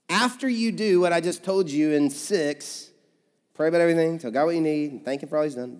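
A man's voice: on the high side, brisk. A man preaching a conversational, humorous sermon as pastor, acting out quoted voices in a casual way. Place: large church hall. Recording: reverberant sanctuary sound.

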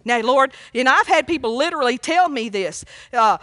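A woman preaching a sermon, folksy and fervent, breaking into loud cries when she quotes a plea for mercy. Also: on the high side, normal speed, dry recording, studio quality. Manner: fervent, folksy, exclaims praise often; rises to shouting when quoting cries for mercy.

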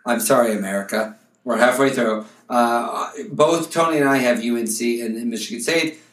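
A man's voice: mid-range voice, moderate pace, fairly bright tone. A man hosting a casual sports chat, laughing often and stumbling over names. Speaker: podcast host. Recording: roomy, distant from the mic.

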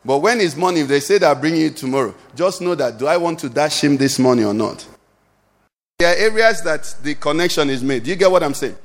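Male pastor, high voice, call-and-response sermon style, long church reverb. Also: lively intonation, a little fast. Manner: preaching with call-and-response questions, rising to shouts.

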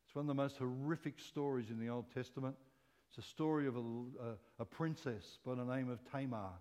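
A man preaching a sermon in an animated way, moving between loud exclamations and quiet, soft asides. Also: mid-range voice, fairly quick. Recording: long hall reverb.

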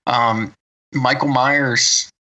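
Rambling man with a bright, sharp voice. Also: medium pitch, steady tone, very slow, muffled recording. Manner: rambling, full of fillers and restarts. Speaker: podcast co-host. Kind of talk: casual chat.

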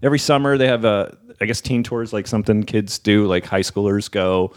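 A man's voice: fairly low pitch, a little fast. A man, a comedian hosting a casual chat, who cracks jokes and asks follow-up questions. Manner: lively, jokey interviewer asking follow-ups. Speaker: comedian and podcast host.

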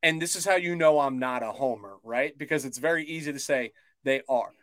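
A man co-hosting a casual sports talk show, measured and cautious, with lots of fillers like "right?". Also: medium pitch, fairly bright tone, no room sound. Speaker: podcast co-host.

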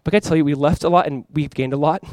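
A man's voice: on the high side, very fast, a little mellow, no echo. A man preaching a sermon as pastor, conversational and emphatic, talking to the congregation and inviting them to respond. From California.

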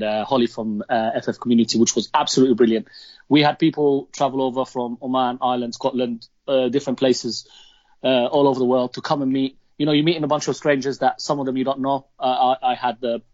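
A man's voice: mid-range voice, darkish tone, no echo. Male podcast co-host, enthusiastic and rambling, dry and lo-fi. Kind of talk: casual podcast chat. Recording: dry, dull lo-fi sound.

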